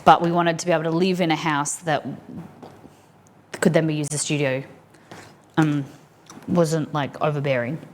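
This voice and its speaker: A young Australian woman with a low voice chats casually with her live stream audience while cooking in a home kitchen set up as a studio, drifting from topic to topic. Her delivery is flat and at a normal pace, with long pauses and a little background noise.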